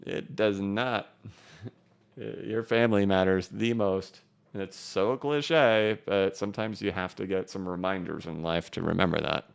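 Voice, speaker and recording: Deep gravelly guy hosting a crypto livestream, chatty and loose, reading chat comments. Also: steady tone, unhurried. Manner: loose and chatty, many fillers.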